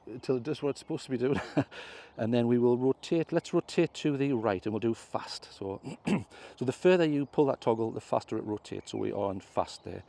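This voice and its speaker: A man casually talking through his drone flight outdoors step by step, clearing his throat now and then. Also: mid-range voice, mellow. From England. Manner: chatty step-by-step explaining, self-correcting. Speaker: drone vlogger. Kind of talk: casual tutorial commentary. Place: outdoors on a hill.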